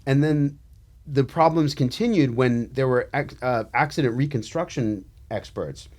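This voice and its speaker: A man's voice: mid-range voice, normal speed, a little mellow. A man co-hosting a casual legal podcast as a trial attorney, sardonic and joking, with many fillers and restarts.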